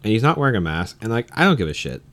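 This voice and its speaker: A man in casual chat, telling stories in an animated, profane way. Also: fairly low pitch, rapid-fire.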